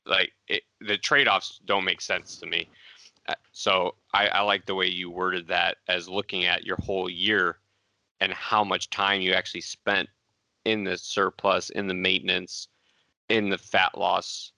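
Very deep gravelly man, dry close sound. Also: little pitch movement, measured pace, bright, forceful tone, no room sound, rough recording. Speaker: coach, podcast guest. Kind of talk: casual podcast chat.

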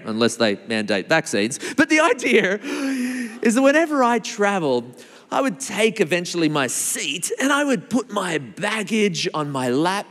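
A man's voice: a little high, a bit bright. A man, preaching a sermon as a playful storyteller who acts out other people's voices. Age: 40s. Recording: echoey hall reverb.

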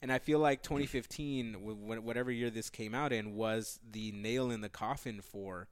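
A man's voice: fairly low pitch, moderate pace, smooth. Blunt, opinionated man hosting a podcast. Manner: opinionated, blunt, restarts and swears. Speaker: podcast host. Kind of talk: casual chat.

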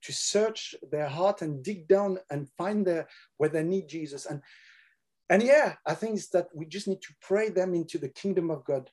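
An older man whose first language is French, talking earnestly about faith and prayer in a halting way, often repeating words. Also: sits high, darkish tone. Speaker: guest. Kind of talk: casual Christian conversation.

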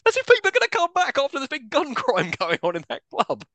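Brief: male podcast co-host, lively and bright, dry close mic, giggly scene-by-scene recaps. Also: very high voice, no room sound. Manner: animated recapping, quick to laugh, acts out scenes. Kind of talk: casual film-review chat.

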